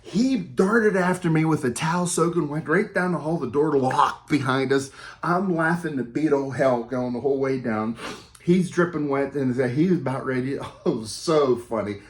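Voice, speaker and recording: A man telling a casual anecdote as a tribute, animated and rambling, with many fillers and self-corrections and an easy, self-amused humor. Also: medium pitch, moderate pace. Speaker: storyteller giving a recorded tribute.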